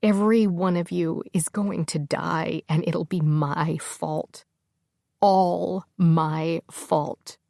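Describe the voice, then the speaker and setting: Tearful young woman in a panic, voiced by a lady narrator, low gravelly voice pushed up high, dry close mic. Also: fairly even intonation, slow, dry recording. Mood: distraught. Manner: distraught, sobbing, self-blaming.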